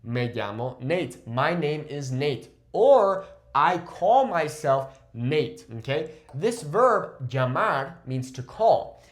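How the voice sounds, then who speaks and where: A young man gives a language lesson. His voice sits a little high and swings up and down as he explains each phrase and what it means. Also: takes it slowly. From California. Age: 20s. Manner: lively explaining, switches between English and Spanish. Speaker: Spanish teacher.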